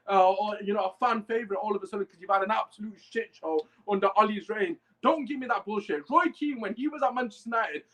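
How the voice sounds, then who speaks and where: A man's voice: sits high, sharp tone, rough recording. A young man, hosting a live fan podcast and ranting heatedly while swearing and reading chat comments. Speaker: podcast host.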